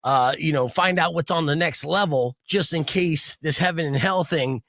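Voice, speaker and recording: A man's voice: on the high side, moderate pace, fairly bright tone, no echo, studio quality. A man hosting a rock radio show and podcast, talking in a rambling, jokey way with lots of fillers. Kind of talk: casual rock radio chat.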